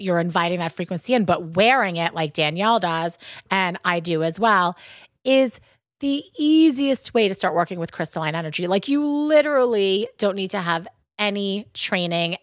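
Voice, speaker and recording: A woman with a Long Island accent co-hosting a podcast in casual chat, chatty and animated, often asking "right?". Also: medium pitch, no room sound, studio quality. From Long Island, United States. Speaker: podcast co-host.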